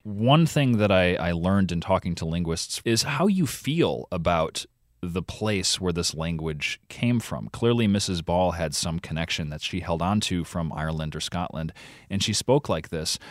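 A man's voice: sits low, dry recording, clean studio sound. A man from Vermont, a reporter and podcast host, explaining carefully in a radio interview with some fillers.

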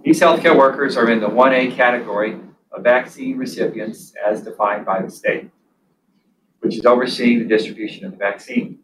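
A man giving a prepared public health statement in a flat, measured reading. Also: medium pitch, background noise. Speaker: county official.

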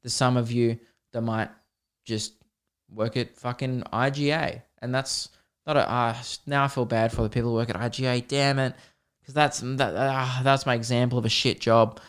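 A man's voice: mid-range voice, steady tone, moderate pace, smooth. A man hosting a solo comedy podcast, rambling, swearing and self-deprecating. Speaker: podcast host.

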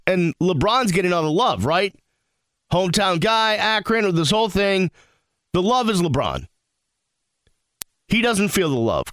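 A sports radio host riffs casually from a studio, his voice bouncing up and down as he tells stories and acts out both sides of a conversation. The man's voice sits a bit higher than most, and the sound is close and dry with no room echo. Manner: animated, storytelling with quoted asides.

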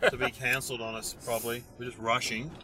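A man hosting a comedy podcast, easygoing casual chat with quick agreeing interjections. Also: medium pitch, little pitch movement, sharp tone.

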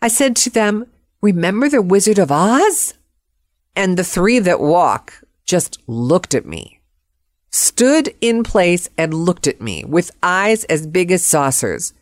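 A woman telling a personal story in a vivid, expressive way, acting out the quotes. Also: fairly low pitch, slow pace, no echo, studio quality.

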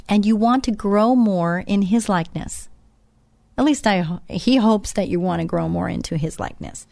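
A woman's voice: medium pitch, a little mellow, dry recording. Chatty woman hosting a faith radio show. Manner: chatty, self-described fast talker, asides to listeners.

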